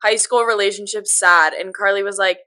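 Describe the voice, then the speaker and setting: A woman's voice: mid-range voice, fairly even intonation, moderate pace, bright, forceful tone. A woman in her twenties co-hosting a podcast, talking candidly with lots of filler words. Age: 20s. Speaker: podcast co-host. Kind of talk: casual chat.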